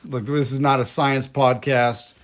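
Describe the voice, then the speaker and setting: A man's voice: medium pitch, steady tone, a little slow. A man co-hosting a podcast in casual chat, telling rambling stories with restarts and laughs. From United States. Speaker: podcast co-host.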